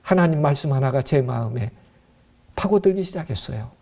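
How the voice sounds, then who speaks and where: Rapid-speaking man preaching a sermon. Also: mid-range voice, animated, creaky, mellow. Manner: earnest preaching, addresses congregation directly. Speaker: pastor.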